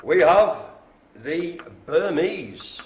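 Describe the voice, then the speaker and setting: A man's voice: fairly high pitch, expressive, extremely slow, slight background noise. A man calling bingo live in a care home, chatty and playful, joking with the room. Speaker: bingo caller. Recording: echoey room.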